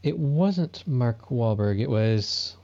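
A man's voice: mid-range voice, animated, slow, creaky, mellow, dry recording, highs cut off. A man hosting a podcast in casual chat, answering with brief, dry remarks. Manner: brief, dry back-channel replies. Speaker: podcast host.

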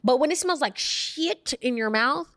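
A woman's voice: high-pitched, expressive, unhurried, a bit bright, dry recording, studio quality. A young woman co-hosting a podcast, blunt and teasing in slangy casual chat. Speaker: podcast co-host.

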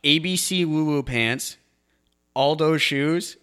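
Easygoing young male co-host, halting delivery, trails off mid-thought. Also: fairly high pitch, fairly bright tone, clean tone. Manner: laid-back, halting, trails off. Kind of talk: casual comedic banter.

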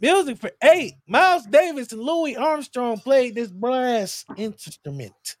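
Very high-voiced joking man hosting. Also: expressive, takes it slowly, no room sound, clean studio sound. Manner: joking, profane, laughs a lot. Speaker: quiz host. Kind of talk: casual podcast quiz game.

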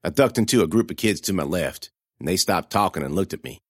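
Low, expressive male horror narrator. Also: fast, dry recording, clean studio sound. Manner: dramatic, expressive reading. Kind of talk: first-person horror story narration.

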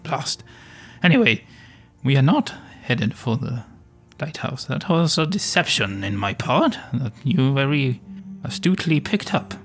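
A man's voice: mid-range voice, sing-song, a little slow, husky, faint music behind. A man playing his character at a tabletop game, talking in a theatrical, pompous way. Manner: theatrical, pompous adventurer bluster. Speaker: player voicing his character Shrew. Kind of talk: in-character tabletop role-play.

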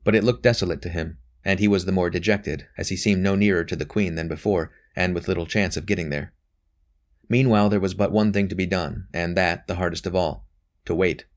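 A man narrates a novel aloud. His delivery is measured and even, and his voice sits very low. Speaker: audiobook narrator. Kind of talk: scripted narration.

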